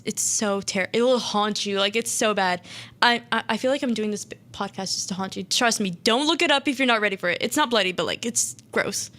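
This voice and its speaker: Young woman rambling thru a creepy story on her radio show, lots of "like", bright kinda sharp voice, pitched a bit high. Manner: rambling, many "like"s and restarts, acts out quotes. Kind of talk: casual retelling of a horror story.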